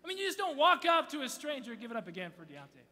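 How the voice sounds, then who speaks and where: A man in his thirties giving a sermon to a young crowd, playful and swinging from loud bursts to hushed near-whispers. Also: very high voice, very animated, fast talker. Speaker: youth speaker. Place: church auditorium. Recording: long hall reverb, faint hum.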